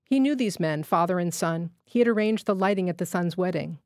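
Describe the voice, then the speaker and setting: Woman, literary story reading, measured, restrained, low voice, dry close mic. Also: animated, a little mellow, no echo. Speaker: reader of a short story.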